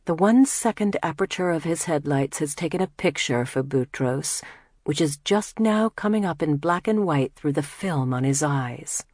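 A woman reading a novel aloud as an audiobook narrator, in a measured, soft, steady way. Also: low voice, no room sound, clean studio sound. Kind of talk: scripted narration.

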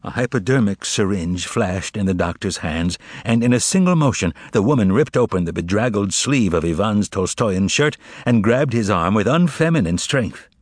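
A man reading a novel aloud as narrator in a measured, expressive way. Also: on the low side, no echo, studio quality. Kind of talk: audiobook narration.

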